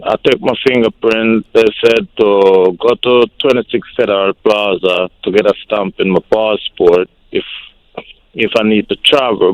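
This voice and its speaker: Polite guy calling in, halting, dry sound. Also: lowish voice, no room sound, lo-fi sound. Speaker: caller. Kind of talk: phone-in question.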